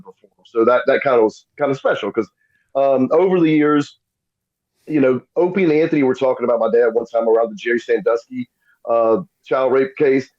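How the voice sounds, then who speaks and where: Guy, middle-aged, spinning a yarn on a podcast, slightly dull sound. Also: medium pitch. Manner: animated, acts out quoted voices. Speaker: podcast guest. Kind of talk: casual storytelling.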